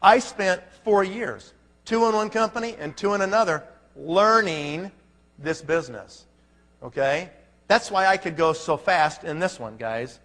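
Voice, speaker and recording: A man's voice: high-pitched, expressive, a little slow, a bit bright. A man giving a folksy motivational speech to a live audience, punchy and full of rhetorical questions. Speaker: network marketing leader. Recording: long hall reverb.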